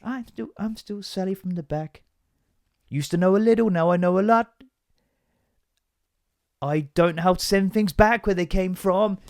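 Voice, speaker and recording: A man's voice: high voice, normal speed, creaky, pauses often, darkish tone, pitched above the performer's own voice. A man voicing a clueless female post office clerk, singing her lines as a silly made-up tune. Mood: sing-song silly.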